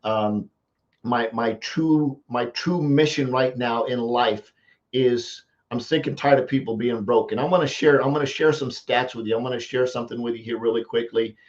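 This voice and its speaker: A man's voice: medium pitch, moderate pace. Man, coach talking on a live stream, emphatic, repeats himself, slightly dull lo-fi sound. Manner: emphatic, repeats phrases for effect. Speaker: marketing coach. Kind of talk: casual live-stream pitch.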